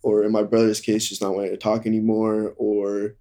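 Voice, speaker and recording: A young man candidly telling a hard personal story in conversation, halting and full of fillers. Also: on the low side, monotone, mellow. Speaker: guest.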